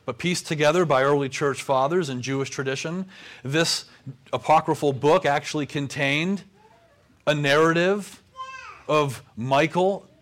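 A man, a pastor, preaching a sermon with measured pauses. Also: on the high side, fairly bright tone.

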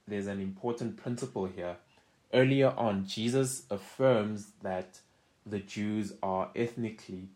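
A man's voice: on the low side, a little mellow. A man teaching a Bible study, reading scripture aloud with rising emphasis and often checking in with "right?". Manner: conversational, keeps checking in with "right?".

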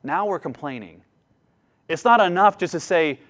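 A man's voice: high voice, animated, moderate pace, a bit bright. Earnest man preaching, voice rising and dropping. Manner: earnest, rising and falling delivery with frequent restarts. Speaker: pastor. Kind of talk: sermon.

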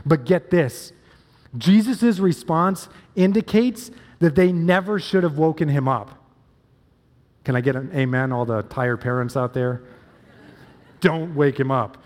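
Male pastor, storytelling sermon, a bit high-voiced, long church reverb. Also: unhurried, darkish tone. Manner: storytelling, emphatic with repeated phrases.

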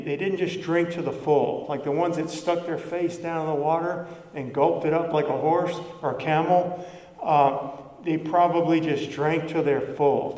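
A man's voice: fairly high pitch, a little mellow. A man preaching a conversational sermon as pastor, asking the congregation rhetorical questions. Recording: echoey hall from far off.

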